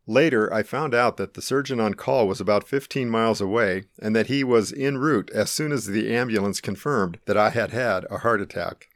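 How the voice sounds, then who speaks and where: A middle-aged man calmly and earnestly narrating his own life-or-death experience in the first person. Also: fairly low pitch, moderate pace, hardly any pauses, no room sound, studio quality. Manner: calm, earnest, reflective.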